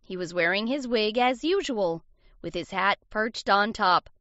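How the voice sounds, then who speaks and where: A woman reading storybook fables aloud in a measured, expressive way. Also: medium pitch, no echo. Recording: dull lo-fi recording.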